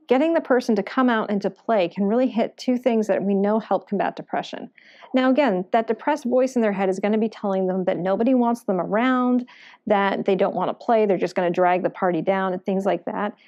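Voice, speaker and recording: Give me an earnest woman psychologist hosting an advice talk, with a mellow tone. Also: a little high, dull audio. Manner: earnest, gentle, advising. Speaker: psychologist and show host. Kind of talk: educational talk to camera.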